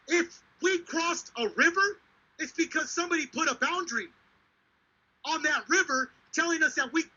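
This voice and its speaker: A man's voice: extremely high pitch, sharp tone. A man hosting a live talk show, telling a story in a heated, profane and emphatic way. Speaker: show host. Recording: dull lo-fi sound.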